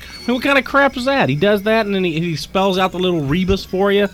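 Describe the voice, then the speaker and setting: A man co-hosting a late-night radio talk show, his voice pitched a little high. He rambles through jokes and mocking asides in loose studio banter. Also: fast talker, hardly any pauses, a bit bright, soft background music.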